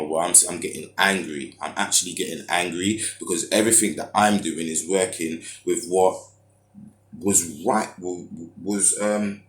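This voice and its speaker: A man's voice: deep voice, measured pace, roomy sound. A young man telling a frustrated story in a casual monologue, full of street slang and fillers. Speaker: vlogger.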